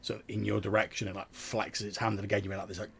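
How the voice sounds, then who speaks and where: A man's voice: fairly low pitch, little pitch movement, quick pace, creaky, heavy background noise. A man narrating as game master in a tabletop game, describing scenes loosely with many fillers and restarts.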